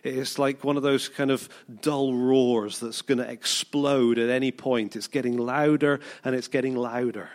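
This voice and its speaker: A British man delivers a sermon with lively storytelling, bringing the people in the story to life by acting out their words. His voice sits at an ordinary middle pitch, and he sometimes stumbles and repeats a word as he speaks. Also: moderate pace, few pauses. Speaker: preacher.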